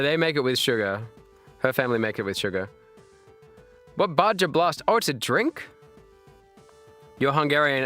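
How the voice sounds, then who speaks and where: Guy streaming with hiccups, bouncy pitch, super bright voice, loud reactions to chat. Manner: animated, laughing, reacting to chat with loud exclamations. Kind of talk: casual live-stream chat.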